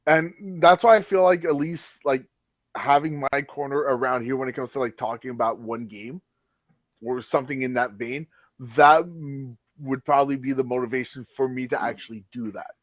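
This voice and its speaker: A man's voice: medium pitch, moderate pace, dry recording. A French Canadian man chatting on a podcast as a guest, rambling with lots of fillers and restarts. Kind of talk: casual podcast chat.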